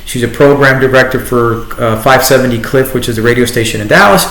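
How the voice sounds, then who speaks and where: Man, New York accent, middle-aged, animated storytelling, reverberant room. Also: medium pitch, brisk. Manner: animated storyteller, many restarts. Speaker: guest, entrepreneur and radio host. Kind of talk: conversational interview. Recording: echoey room.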